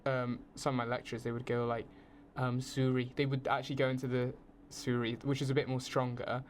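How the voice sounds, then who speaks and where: A young English man in his twenties, guesting on a student podcast. He talks in an easy, rambling way, full of "like" and quick restarts, at a middling pitch, with a faint hiss underneath. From England. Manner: chatty, animated storytelling with frequent fillers. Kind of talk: casual podcast chat.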